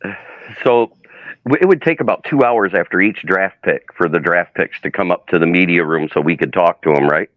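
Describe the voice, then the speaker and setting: A man with a low voice tells animated stories on a casual livestream. His sound is dry and a little dull, like a lo-fi call. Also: brisk, no echo. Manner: animated storyteller, acts out quotes. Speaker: sports media intern and livestream guest.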